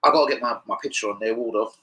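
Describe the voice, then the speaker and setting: A young man hosting a football fan channel live stream talks rapid-fire in a fairly low voice against a noisy background. He rambles casually through stories full of slang and swearing.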